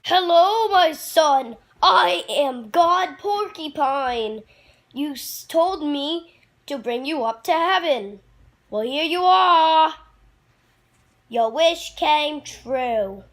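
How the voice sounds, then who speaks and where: A man voicing a pompous porcupine god in a homemade puppet comedy, speaking slowly and grandly. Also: very high-pitched, full character voice. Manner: slow, drawn-out, grandly calm.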